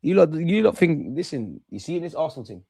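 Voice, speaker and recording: A young fan channel host with a fairly high, husky voice speaks briskly on a livestream football reaction. He's excitable, ranting, taunting his chat and shouting at it.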